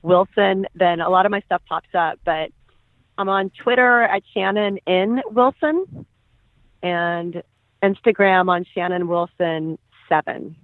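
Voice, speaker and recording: A woman guest on a podcast, chatting casually, often laughing and pausing with fillers. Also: on the low side, no echo. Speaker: guest actress. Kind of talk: casual interview chat. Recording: tinny phone-line sound.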